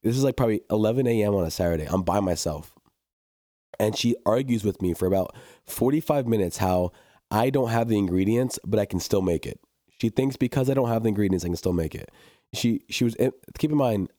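Low, mellow young man telling a story. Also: no room sound, studio quality. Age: young adult. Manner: rambling, laughing, with many restarts and fillers. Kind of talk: casual storytelling chat.

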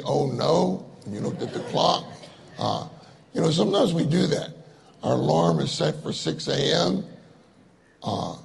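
A man's voice: fairly high pitch, creaky. A middle-aged man preaching a sermon, telling stories in a jovial way and laughing often. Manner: storytelling, jovial with frequent laughter.

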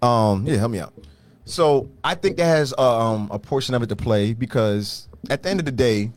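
A man's voice: mid-range voice, normal speed. A man in his forties co-hosting a casual podcast, asking questions and laughing easily. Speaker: podcast co-host. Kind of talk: casual chat.

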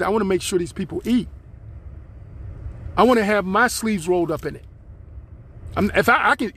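A man's voice: sits high, a bit bright, breathy edge. A man hosting his own podcast, speaking, in a rambling, aggrieved monologue aimed straight at his listeners. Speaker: podcast host.

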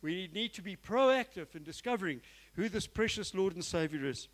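A man's voice: sits high, lively intonation, normal speed, poor audio. A man preaching a sermon in church, earnest and emphatic, often repeating his phrases and speaking straight to his listeners. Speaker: pastor.

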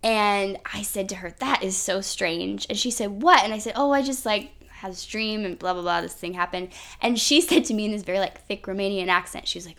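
A woman with a brisk, fairly bright, mid-range voice hosts a podcast. Chatting casually, she recounts something personal, leaning heavily on "like" and "um."

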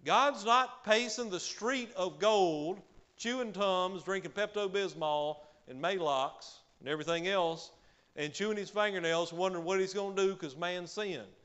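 Guy preaching a sermon, kinda high voice, goes loud then quiet, lots of hallelujahs. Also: normal speed, clean tone, muffled recording. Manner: emphatic, swings between loud declarations and quiet asides; peppers speech with hallelujah.

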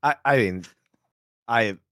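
A man co-hosting an esports show, breaking down matches in a halting way, full of restarts and easy laughs. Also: medium pitch, pushed and bright, dry recording, clean studio sound. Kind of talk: casual analytical chat.

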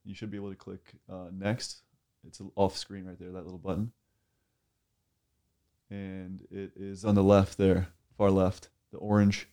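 Low-voiced laid-back man in his twenties. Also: little pitch movement, a little slow, mellow. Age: 20s. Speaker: guest. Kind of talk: casual chat.

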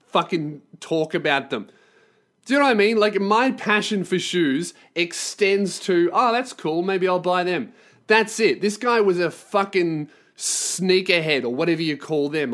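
A man's voice: on the high side, fairly bright tone. A man hosting a podcast, telling a story as a profane, sarcastic rant. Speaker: podcast host and touring performer.

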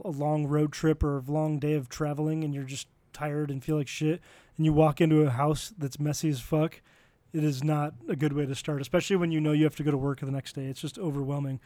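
A man's voice: fairly high pitch, mellow, no room sound. A young man co-hosting a podcast, telling stories in a laid-back, casual way and swearing freely. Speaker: podcast co-host.

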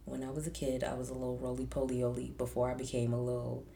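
A woman's voice: very deep voice, monotone, fast, vocal fry, warm tone, a little hiss or hum. A woman co-hosting a podcast, chatting casually and ranting animatedly with laughter. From Haitian family. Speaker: podcast co-host. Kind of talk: casual chat. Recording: echoey room.

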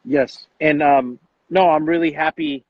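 A man's voice: a little high, fairly even intonation, unhurried, dry recording. Upbeat slangy man, dull dry sound. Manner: enthusiastic, slangy, acts out quotes. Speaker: coach and podcast host. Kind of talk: casual interview chat.

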